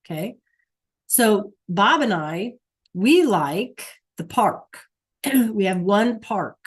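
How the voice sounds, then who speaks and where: A woman teaching a Spanish class online over a computer mic, patient, checking in often with "okay?" and "right?". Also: mid-range voice.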